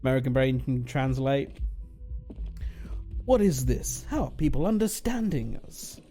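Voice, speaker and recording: Playful British man with a lively voice. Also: medium pitch, unhurried, soft background music. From Britain. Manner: chatty, playful. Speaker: streamer. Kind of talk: casual gaming commentary.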